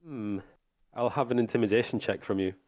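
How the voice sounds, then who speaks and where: A man narrating as game master of a tabletop game on a live stream, relaxed and halting with many restarts. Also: fairly low pitch, no echo.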